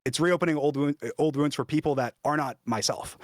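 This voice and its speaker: A man's voice: fairly high pitch, fairly quick, dry recording, studio quality. A young man talking in a casual debate on stream, hesitant, restarting his sentences and using many fillers.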